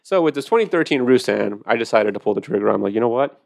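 A man's voice: medium pitch, expressive, quick pace, vocal fry, a little mellow, dry recording, clean studio sound. A man hosting a podcast, chatting casually and animatedly about wine, with profane storytelling. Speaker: podcast host.

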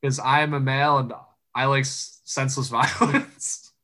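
A young man chats about sports with a bright, forceful voice. He jokes and leans into sarcasm, laughing as he talks. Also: mid-range voice, fairly even intonation, normal speed. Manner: joking, sarcastic, laughs often. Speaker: sports podcast co-host. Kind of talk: casual sports chat.

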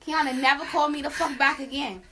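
A young adult woman hosting a podcast, telling a story in casual chat, animated and profane, with sung la la la asides. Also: sits high, fast, background noise. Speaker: podcast host.

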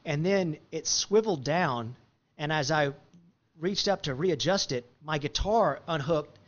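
A man's voice: a little high, lively intonation, measured pace. Man with a dull lo-fi sound. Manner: rambling, many fillers and restarts. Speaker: guest musician. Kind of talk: casual storytelling.

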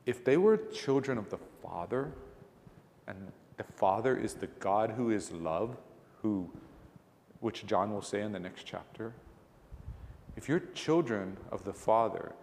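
A man's voice: lowish voice, expressive, unhurried, long pauses, a little mellow, long reverb tail. A male pastor giving a conversational sermon, asking rhetorical questions and pressing his points with emphasis.

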